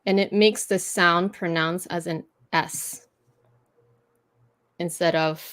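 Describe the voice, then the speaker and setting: A woman's voice: on the low side, fairly even intonation, slow pace, fairly bright tone. A native French-speaking woman hosting a casual livestream, patiently explaining French pronunciation with frequent fillers and restarts. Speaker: host teaching French pronunciation.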